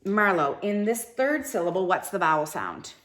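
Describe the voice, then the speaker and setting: A woman teacher leading a live classroom phonics lesson, sounding out syllables slowly and encouraging her students. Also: medium pitch, sing-song, a bit bright. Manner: slow, drawn-out syllable sounding.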